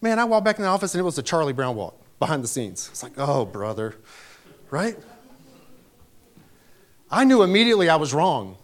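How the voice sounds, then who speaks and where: A man's voice: high voice, very animated, fairly quick, pauses often. A man preaching a sermon, telling a personal story with emphatic delivery that rises to raised exclamations.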